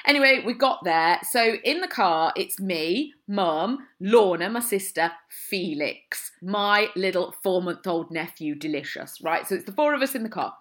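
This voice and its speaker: A woman's voice: mid-range voice, measured pace, hardly any pauses. A woman co-hosting a podcast, chatting casually and telling a story with lots of laughter. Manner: giggly, storytelling, animated. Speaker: podcast co-host. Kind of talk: casual chat.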